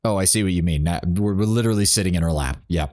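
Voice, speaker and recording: A man's voice: low-pitched, rapid-fire, a little mellow. A man streaming a role-playing game, chatting casually and reading game dialogue aloud.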